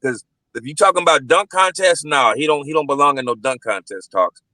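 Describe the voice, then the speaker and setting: A man's voice: a little high, a little fast, pushed and bright, no room sound, poor audio. A man co-hosting a podcast, arguing sports in casual chat and repeating his points for emphasis. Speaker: podcast co-host.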